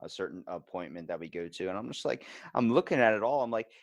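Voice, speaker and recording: A man's voice: lowish voice, expressive, fast talker, vocal fry, no echo. A man hosting a casual podcast, telling everyday stories in a loose, profane way and acting out what people said. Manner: casual, profane storytelling, acts out quotes.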